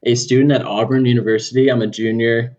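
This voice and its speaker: A young man in his twenties with a Southern California surfer-style accent, answering questions in a laid-back, easygoing way. His voice is mid-pitched, and the audio is a little dull. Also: little pitch movement, quick pace, a little mellow. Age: 20s. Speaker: podcast guest. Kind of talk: casual interview.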